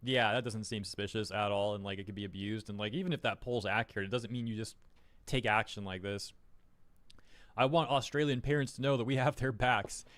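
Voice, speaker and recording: A man's voice: lowish voice, steady tone, brisk, a bit bright, no echo. A man doing online commentary, reading news headlines aloud with wry, mocking asides.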